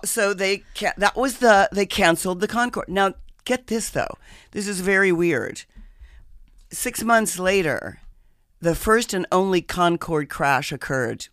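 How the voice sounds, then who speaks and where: A woman hosting a casual chat, telling a story in an animated, dramatic way and swearing freely. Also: fairly low pitch, no room sound, studio quality.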